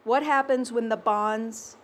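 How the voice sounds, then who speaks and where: A woman's voice: on the high side, fairly even intonation. A woman preaching a sermon in a conversational, emphatic way, often putting questions to her listeners. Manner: conversational, asks the congregation questions; slow and emphatic.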